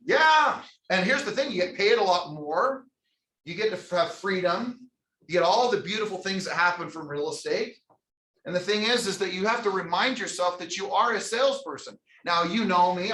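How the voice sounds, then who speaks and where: Male sales trainer, higher voice, energetic motivational delivery, echoey room sound. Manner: energetic, preachy, calls out audience members by name. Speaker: real estate sales trainer. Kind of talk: motivational training talk to an audience.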